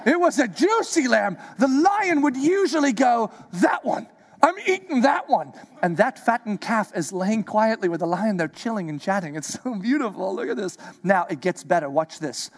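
A man preaching a sermon, animated and playful, slipping into acted-out voices for his asides. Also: sits high, normal speed, few pauses. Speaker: pastor.

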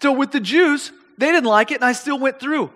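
High, bright-voiced male preacher in a hall. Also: moderate pace. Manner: animated, repeats words, reads scripture aloud. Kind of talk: sermon.

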